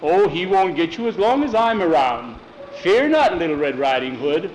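A man's voice: on the high side, sing-song, moderate pace, a little mellow. A man voicing a mischievous schoolboy who plays the woodman in a school play, teasing and hearty. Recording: roomy echo, faint noise.

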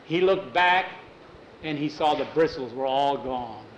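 A man telling a story aloud in a lively, expressive way. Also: mid-range voice, unhurried, noisy background. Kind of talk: animated storytelling. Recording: echoey room with faint ambience.

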